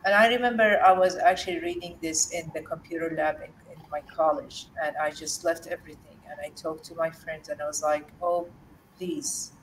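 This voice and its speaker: A woman from Jordan, a guest in an interview, telling a personal story in an earnest, halting way with many fillers and restarts. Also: sits low, a little hiss or hum. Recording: distant mic with faint room ambience.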